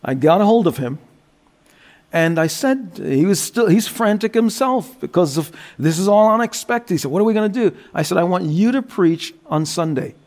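Man preaching with slow low emphasis. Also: lively intonation, darkish tone. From New Jersey. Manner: storytelling, drops low and slow for scripture and prayer. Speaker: guest preacher. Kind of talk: sermon.

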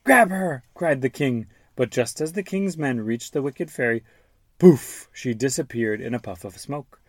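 A man hosting a show where he reads a storybook aloud to his young son and stops to explain words gently. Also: mid-range voice, moderate pace, dry recording. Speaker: father reading to his child, podcast host.

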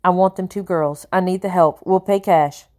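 A woman's voice: fairly low pitch, steady tone, normal speed, a little mellow, natural voice. A woman voicing a working-class tavern keeper's wife who speaks bluntly and plainly.

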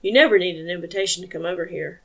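A woman's voice: on the low side, rapid-fire, vocal fry. A woman reading a tired injured man in a wheelchair in an audiobook, hesitant and questioning.

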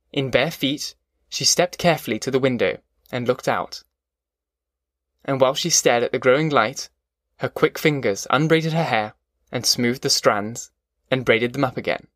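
A man narrating an audiobook in a measured, steady way. His voice sits at an ordinary middle pitch and is recorded dry and close. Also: dry recording. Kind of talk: scripted narration.

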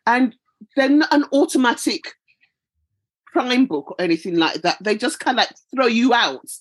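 Enthusiastic woman, husky voice. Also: a little high, expressive, moderate pace. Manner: enthusiastic, casual, uses fillers like "kinda, like". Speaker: book club panelist. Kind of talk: casual chat.

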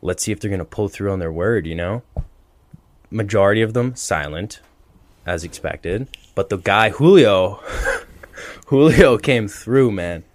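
A man's voice: fairly low pitch, unhurried. Laughing young man telling a story. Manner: animated, laughing storyteller who acts out quotes. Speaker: podcast co-host. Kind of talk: casual storytelling chat.

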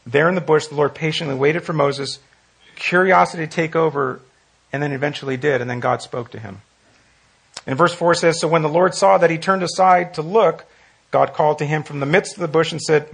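Man, Bible study teacher, slightly high, gravelly husky voice, earnest and repetitive. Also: steady tone, a little fast, fairly bright tone. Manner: earnest, repeats phrases for emphasis. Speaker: pastor leading Bible study.

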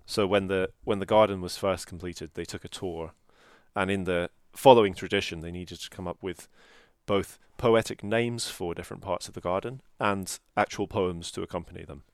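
A man's voice: deep voice, fairly even intonation, normal speed, dry recording, clean studio sound. A man co-hosting a podcast, explaining a classic novel in a careful, explanatory way. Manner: explanatory, careful, pronounces Chinese terms. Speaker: podcast co-host. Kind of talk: casual book discussion.

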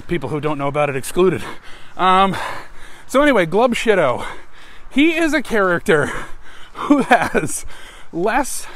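A man's voice: sits high, a bit bright. An American man hosting an improvised podcast, rambling and irreverent, with frequent swearing. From United States. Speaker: podcast host. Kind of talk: improvised casual monologue.

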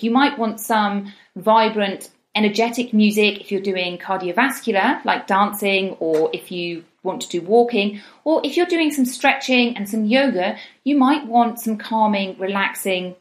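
A woman talks through practical advice like a coach, encouraging and steady. She often slips into the voice of someone talking to themselves to make her points. Her pitch sits in the middle, and the recording has a noticeable roomy echo. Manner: encouraging, acts out inner voices in quotes. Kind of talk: advice talk to camera.

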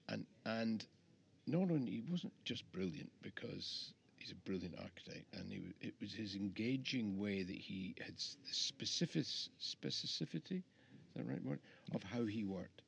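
A man's voice: fairly low pitch, big pitch swings, normal speed, creaky. A middle-aged man, an architect guest, talking in a rambling, reflective way with many restarts, in casual interview chat. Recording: faint background noise.

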